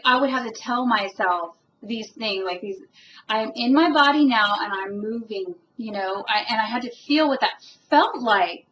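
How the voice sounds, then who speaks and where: Woman vlogger, fairly high voice, earnest and rambling, full of fillers, muffled lo-fi sound. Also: a little hiss or hum. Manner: emotionally moved. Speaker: spiritual vlogger. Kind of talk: casual personal monologue.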